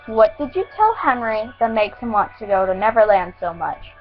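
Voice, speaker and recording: A woman's voice: mid-range voice, lively intonation, normal speed, lo-fi sound, soft background music, close to an everyday voice. A woman voicing a firm, practical mother who speaks evenly, read aloud from a story.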